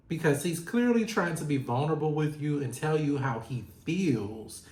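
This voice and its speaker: A man's voice: fairly high pitch, darkish tone. A man giving a chatty recap of a reality show, talking straight to the people on it as if they could hear him. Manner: chatty, talks straight to the show's cast. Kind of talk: casual recap commentary. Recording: roomy echo.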